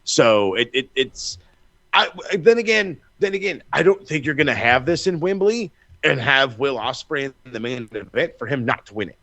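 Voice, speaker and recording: A man co-hosting a wrestling podcast in casual chat, telling stories in an animated, profane way with lots of restarts. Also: mid-range voice, normal speed, gravelly, no room sound. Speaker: podcast co-host.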